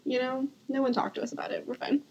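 A woman's voice: high-pitched, level tone, fast, a little mellow, muffled recording. A young woman co-hosting a podcast in casual chat, tossing in dry, teasing quips and laying out a case. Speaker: podcast co-host.

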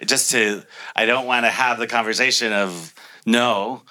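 Bright-voiced man telling stories. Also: medium pitch, fairly even intonation, unhurried. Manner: laughs often, acts out quoted dialogue. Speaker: interview guest. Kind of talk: casual storytelling.

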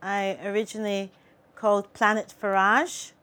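A woman's voice: mid-range voice, level tone, moderate pace, sharp tone, a little hiss or hum. A woman poet giving a live poetry reading, with chatty asides between poems.

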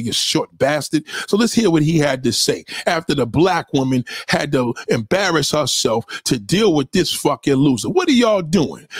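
A man's voice: sits high, breathy edge, no room sound, clean studio sound. A man giving a profane, aggressive reaction rant as an online commentator, insulting and repeating himself.

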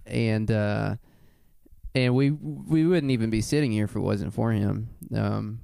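A man's voice: on the low side, unhurried, vocal fry, mellow, no room sound, clean studio sound. A man hosting a podcast, talking loosely and rambling, laughing often. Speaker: podcast host. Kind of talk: casual podcast chat.

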